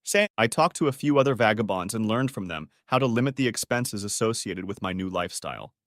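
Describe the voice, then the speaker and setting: A man reading a first-person story audiobook as narrator, with steady storytelling. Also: lowish voice, brisk, dry recording, studio quality.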